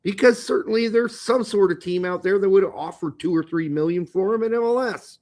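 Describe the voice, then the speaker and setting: A man with a notably high voice co-hosts a soccer podcast. He talks bluntly and casually, tossing in swearing and jokey asides. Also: a little fast, darkish tone. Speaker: podcast co-host.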